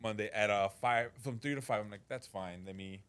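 A man's voice: fairly low pitch, fairly quick, a bit bright, smooth. A man co-hosting a casual podcast who tells stories with acted-out quotes, swears freely and laughs often. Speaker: podcast co-host.

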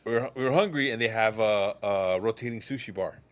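A man's voice: on the low side, fairly quick. A man on a casual podcast chat, telling a story animatedly with plenty of swearing. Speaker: podcast co-host.

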